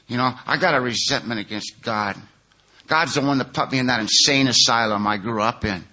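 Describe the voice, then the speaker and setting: A man's voice: medium pitch, a little fast, sharp tone. A man from California giving an earnest, plain-spoken personal recovery testimony at a 12-step conference.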